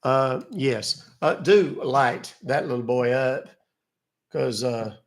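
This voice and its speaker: A man's voice: medium pitch, expressive, takes it slowly. A man from West Virginia hosting a livestream, chatting with viewers in a joking, casual way. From West Virginia, USA. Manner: joking, chatty, talks to his chat. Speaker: scam-baiting livestream host.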